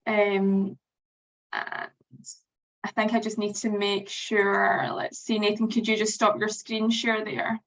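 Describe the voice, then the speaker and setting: A woman's voice: medium pitch, monotone, takes it slowly. Upbeat woman hosting, distant dull audio. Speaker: event host. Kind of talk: hosting an online event. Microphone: video call.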